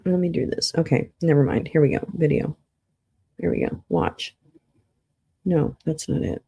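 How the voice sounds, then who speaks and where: A livestream host with a deep, creaky, mellow voice and a breathy edge talks at a moderate pace. She addresses her chat, hums, and curses as she grows confused and flustered while searching for something.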